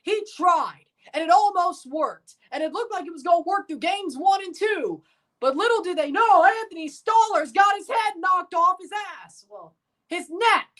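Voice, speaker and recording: A woman streaming a sports watchalong, ranting with profanity and sarcasm and bursting into shouts. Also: extremely high pitch, animated, moderate pace. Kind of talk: live sports reaction rant.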